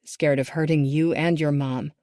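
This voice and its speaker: A woman voicing a remorseful father who pleads softly through tears. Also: low voice, fairly even intonation, normal speed, no room sound, studio quality, natural voice. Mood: regretful. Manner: soft, pleading, regretful. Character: remorseful middle-aged father, tearful and pleading.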